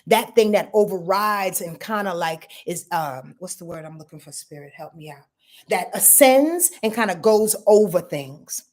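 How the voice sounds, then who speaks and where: A woman's voice: fairly low pitch, animated, normal speed. A woman hosting a casual astrology forecast, brash and profane, playfully acting out quotes. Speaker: astrologer host.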